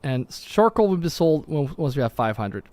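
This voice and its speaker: A man's voice: on the high side, very animated, moderate pace, darkish tone, dry recording. A man casually commenting on his own gameplay on a live stream, thinking aloud and often correcting himself. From Norway. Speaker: gaming streamer. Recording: faint background music.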